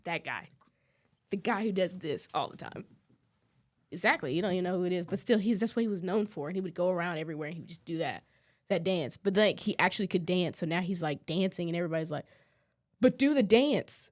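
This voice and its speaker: A woman's voice: lowish voice, quick pace. A woman hosting a podcast in casual chat, talking emphatically and animatedly, often breaking into laughter. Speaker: podcast host.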